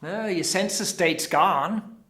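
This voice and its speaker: An actor with an Australian accent playing a showy, evasive middle-aged crusade leader in a theatre monologue, chatting straight to the audience. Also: male voice, high-pitched, slow pace, pushed and bright, full character voice. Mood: showy, chatty. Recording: roomy, echoey.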